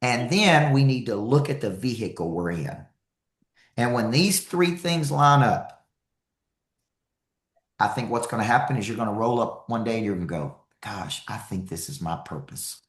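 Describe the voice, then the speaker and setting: A man giving an energetic, emphatic live motivational talk as a speaker and coach, repeating key lines for effect. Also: mid-range voice, moderate pace, pauses often, roomy sound.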